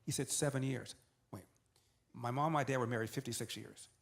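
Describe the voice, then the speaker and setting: Older man, interview guest, animated storyteller, acts out dialogue, repeats for emphasis. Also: mid-range voice, brisk, vocal fry. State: tearing up.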